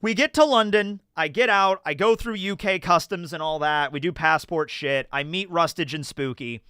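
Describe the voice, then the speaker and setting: A man's voice: a little high, moderate pace, smooth, no room sound, clean studio sound. A young American man rambling through stories on a casual livestream, reading chat questions and answering with lots of fillers. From United States. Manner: rambling, animated storytelling with many fillers.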